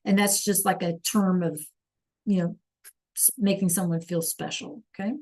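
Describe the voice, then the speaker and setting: A woman teaching a live online language class, slowly sounding out words for students to repeat and encouraging them by name. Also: fairly low pitch, steady tone, darkish tone. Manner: slow careful enunciation of words for students to repeat. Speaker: Spanish teacher.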